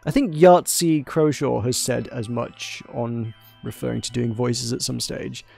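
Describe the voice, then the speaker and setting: A man's voice: medium pitch, fairly even intonation, measured pace, gravelly, a little mellow, faint music behind. A man hosting a let's play, chatting casually and self-deprecatingly between lines. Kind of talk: casual game commentary.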